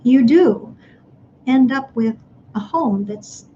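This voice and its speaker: A woman speaking to parents in a live online workshop, gently guiding them through breathing exercises. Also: on the high side, lively intonation, takes it slowly, dull audio, a little hiss or hum.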